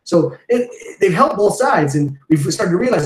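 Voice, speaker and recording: A man's voice: high voice, animated, moderate pace, reverberant, low-quality recording. A man on a podcast ranting casually, heated and profane, rambling with restarts. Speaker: podcast host. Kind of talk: casual rant.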